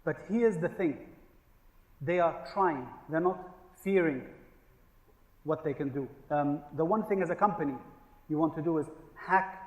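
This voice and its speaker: A man giving a humorous business keynote, telling stories and asking the audience questions. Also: a little high. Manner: storytelling with jokes and rhetorical questions. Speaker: conference speaker. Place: large conference hall. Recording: echoey hall with long reverb.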